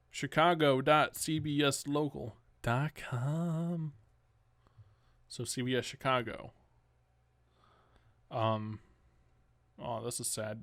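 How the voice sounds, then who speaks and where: A man hosting a solo news commentary podcast, reading news items aloud and cutting in with sarcastic, exasperated remarks that jump up in pitch. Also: fairly bright tone, dry recording. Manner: reads news items, then rants sarcastically; exasperated outbursts with rising pitch. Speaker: podcast host.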